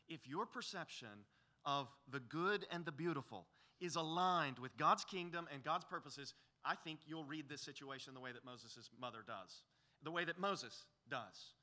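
A man's voice: medium pitch, pushed and bright. A man preaching an expository sermon as pastor, earnest and pleading, building to emphatic peaks.

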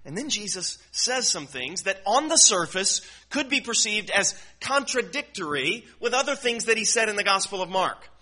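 A man's voice: sits high, very animated, normal speed, few pauses, pushed and bright. A man teaching through a Bible passage verse by verse, earnest and explanatory, often repeating words as he works through a thought. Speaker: preacher.

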